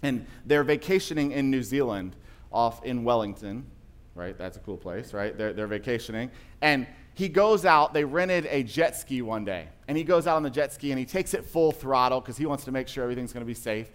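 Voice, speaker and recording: Man, pastor, sermon, conversational storytelling, emphatic at times, mid-pitched voice. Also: expressive, brisk.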